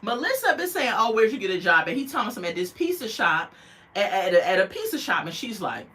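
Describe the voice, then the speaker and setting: Sassy woman recapping with bright, lively delivery. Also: a little high, brisk. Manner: sassy, animated storytelling with mocking quoted voices. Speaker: reality TV recap host. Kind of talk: casual recap commentary.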